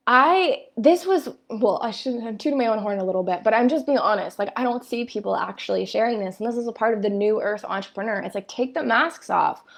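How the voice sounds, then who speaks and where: A woman in her thirties, a spiritual coach talking on a live stream in a candid, fiery way. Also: on the high side.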